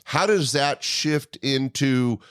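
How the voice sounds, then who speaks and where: A man hosting an interview, asking drawn-out, affirming questions. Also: mid-range voice, a bit bright, smooth, no echo, studio quality. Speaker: podcast host.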